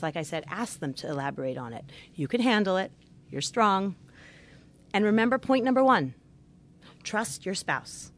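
A middle-aged woman, a marriage therapist, giving an earnest instructional talk on marriage with religious teaching and gently stressing her key points. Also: medium pitch.

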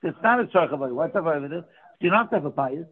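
A man's voice: on the high side, expressive, very fast. A man teaching a daily Talmud class, explaining the text by posing questions and answering them himself. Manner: explains by asking and answering his own questions. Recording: tinny phone-like line.

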